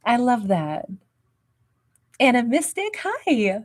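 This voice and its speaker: A woman's voice: a little high, sing-song, takes it slowly. A woman hosting a livestream tarot reading, talking in a peppy, emphatic way and greeting viewers with endearments. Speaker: tarot reader and livestream host.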